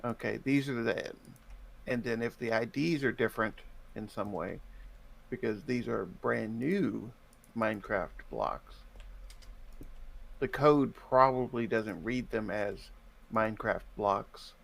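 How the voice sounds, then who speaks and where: A man's voice: on the low side, slow pace, vocal fry, pauses often, a bit bright. A man from the United States co-hosting a live game stream in casual chat, explaining game mechanics at length in a thoughtful way. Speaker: stream co-host.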